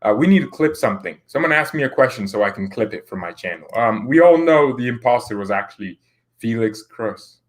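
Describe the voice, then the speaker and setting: A man's voice: mid-range voice, animated, brisk. A man hosting a football channel, chatting casually as he reads viewer comments, rambling and laughing often.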